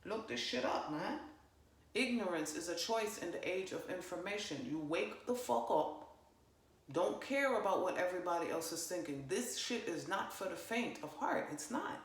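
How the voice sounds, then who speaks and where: A woman giving a casual spiritual monologue, swearing freely and talking with emphatic, animated energy. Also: fairly low pitch, moderate pace. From parents from Jamaica. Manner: profane, animated, emphatic, fillers. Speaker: spiritual channeler vlogger. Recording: roomy echo.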